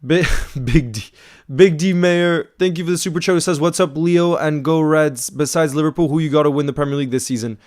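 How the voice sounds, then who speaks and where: Excitable male fan calling a match. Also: on the high side, brisk, few pauses. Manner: emotional, swings from frustrated to screaming excitement; calls play by play, repeats phrases. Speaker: fan watchalong host. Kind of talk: live fan commentary.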